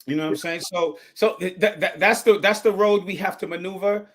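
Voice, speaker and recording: Man guest telling animated stories, mid-high pitch, acts out quotes. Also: fairly quick. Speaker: actor and guest. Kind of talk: casual storytelling chat.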